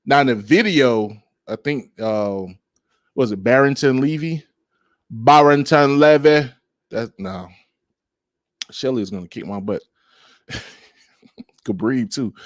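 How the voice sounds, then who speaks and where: Slow-talking laid-back man, dry sound. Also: medium pitch, smooth, no echo. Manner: rambling, laid-back, laughs at himself; drawn-out speech with many fillers. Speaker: podcast host. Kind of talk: casual music podcast chat.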